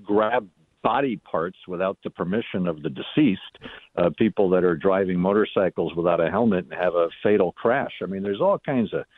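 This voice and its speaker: A man's voice: sits low, normal speed, no echo. A middle-aged man, a former state senator calling into a radio talk show, chatting and telling stories with frequent restarts. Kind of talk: casual radio call-in chat. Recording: tinny phone line.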